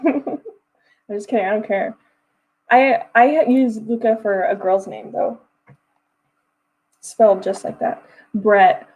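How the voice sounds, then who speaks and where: A young woman with a fairly high but mellow, soft-edged voice chats casually with her stream viewers. She giggles a lot, fills gaps with "like" and "um", and starts sentences over as she reads comments aloud at a home desk mic. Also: slow, pauses often, breathy edge, highs cut off. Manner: giggly, chatty, many fillers and restarts. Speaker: writing livestream host. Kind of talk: casual livestream chat reading comments.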